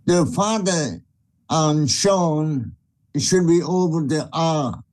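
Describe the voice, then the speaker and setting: A male teacher with a slightly raised pitch talks slowly as he stops the class to point out an error. He corrects the pronunciation gently and then lets the lesson go on. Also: lively intonation, rough recording.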